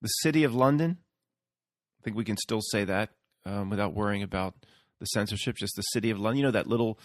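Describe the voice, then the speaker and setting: A man's voice: lowish voice, fast talker, no room sound, clean studio sound. A man hosting his own channel, talking casually in a rambling solo monologue full of restarts and fillers. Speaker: YouTube channel host.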